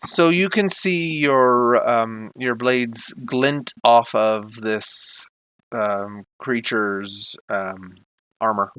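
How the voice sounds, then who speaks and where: A man narrates a tabletop role-playing session as game master, pausing often with fillers. His voice is bright and a touch tense, his pace slow and halting, and the recording is close and dry. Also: medium pitch, clear, resonant tone, no room sound, rough recording. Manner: hesitant, many fillers.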